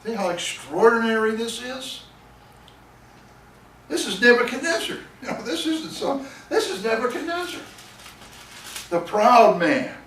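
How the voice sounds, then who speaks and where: High-voiced man teaching Bible class. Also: unhurried, long pauses, slight background noise. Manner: chuckling, animated storyteller reading scripture aloud. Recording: echoey room, voice from a distance.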